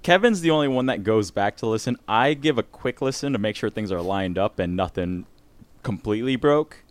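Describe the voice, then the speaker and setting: A man's voice: fairly low pitch, lively intonation, brisk. A man co-hosting a podcast in casual chat, rambling and laughing often. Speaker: podcast co-host.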